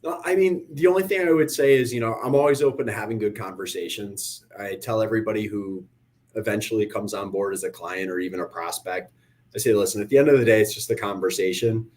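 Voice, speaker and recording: A man's voice: on the low side, fast. A middle-aged man, a financial advisor, joking easily in a casual interview. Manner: joking, easygoing, deadpan humor.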